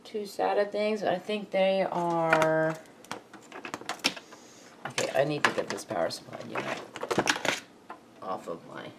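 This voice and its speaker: Woman vlogger, lowish voice, unhurried self-talk, rambling with little chuckles, at home. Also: expressive, creaky, very noisy. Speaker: crafting vlogger. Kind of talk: thinking aloud while repairing a computer. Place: home room.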